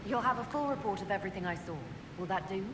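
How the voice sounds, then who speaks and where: A woman's voice: animated, fast, background noise, close to an everyday voice. An actress playing a composed woman leader, speaking in a matter-of-fact way. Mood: calm. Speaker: game character. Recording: distant game audio, echoey, rumbling.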